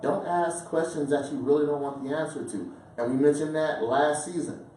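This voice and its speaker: A man's voice: on the high side, normal speed, warm tone. Man, podcast co-host, emphatic, distant mic, roomy echo, faint hiss. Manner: emphatic and opinionated, repeats himself. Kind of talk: casual chat.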